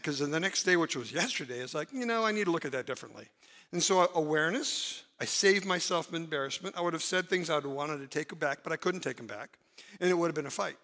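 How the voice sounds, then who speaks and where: A man preaching a conversational sermon as pastor, acting out examples with rises and drops in pitch and volume. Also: bright, forceful tone, big-room sound. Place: church.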